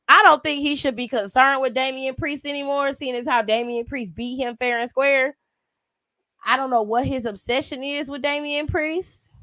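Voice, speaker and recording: Brief: woman from Cleveland, high voice, sassy and profane wrestling recap host, dry close sound. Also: no room sound. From Cleveland, USA. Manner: sassy, profane, animated storytelling. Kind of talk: casual commentary.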